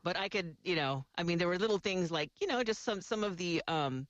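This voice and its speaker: A woman's voice: fairly low pitch, animated, brisk, no room sound, highs cut off. A woman radio DJ chatting casually in an interview, laughing often and mimicking voices as she tells stories. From San Francisco Bay Area.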